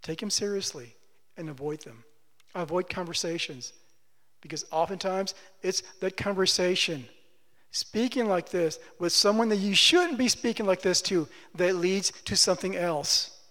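Male preacher, high voice, emphatic sermon delivery with rhetorical questions, reverberant church hall. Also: moderate pace, bright, forceful tone. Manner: emphatic, repeats phrases, asks the congregation questions. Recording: long reverb of a large hall.

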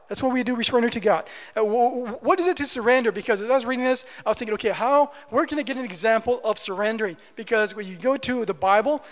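High-voiced preacher in a reverberant hall. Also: male voice. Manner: swings from loud emphatic preaching to quiet, low asides, with repetition. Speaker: pastor. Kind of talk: sermon.

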